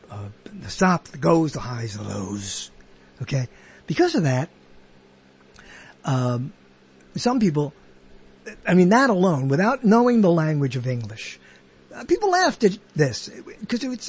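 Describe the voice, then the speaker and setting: A man's voice: on the high side, darkish tone, breathy edge. A man hosting his own show, talking in a casual, rambling monologue that is joking, self-deprecating and full of digressions. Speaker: host.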